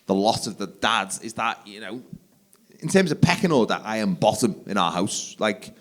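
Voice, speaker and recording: Animated stand-up comic. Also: male voice, on the low side, moderate pace. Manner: animated, jumps into loud shouted voices for the kids. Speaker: stand-up comedian. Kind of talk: live stand-up comedy. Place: theatre stage. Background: audience laughter.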